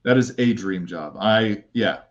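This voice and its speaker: A man with a fairly low voice rambles casually as a podcast guest, trailing off and restarting his sentences. His tone is playful and easygoing. The recording sounds a little muffled and lo-fi. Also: measured pace. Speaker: guest, content creator.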